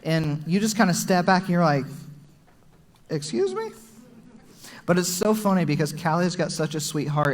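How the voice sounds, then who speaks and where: A young man preaching in a large church, his voice sitting a little higher than most men's. He speaks earnestly and personally, now and then close to tears, and a long hall reverb trails behind every phrase. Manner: earnest and personal, gets emotional. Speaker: pastor. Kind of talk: sermon.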